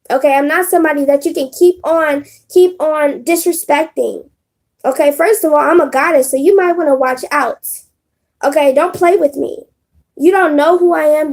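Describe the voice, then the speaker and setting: A woman doing a casual live stream on her phone, talking bluntly and with profanity straight to her chat. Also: high voice. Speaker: live streamer giving readings.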